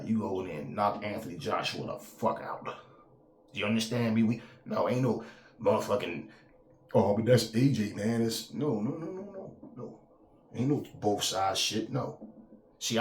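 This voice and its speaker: A man's voice: lowish voice, echoey room, slight background noise. A man, ranting emphatically and profanely as host of a boxing talk channel, often repeating himself. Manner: profane, emphatic, repeats himself, slips into mocking quoted voices. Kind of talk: heated casual rant.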